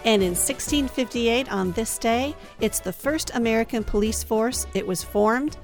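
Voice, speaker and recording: A woman's voice: fairly high pitch, unhurried, over music. A woman co-hosting a casual radio show, reading history items and answering her partner briefly. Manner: brief, supportive responses. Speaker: radio co-host.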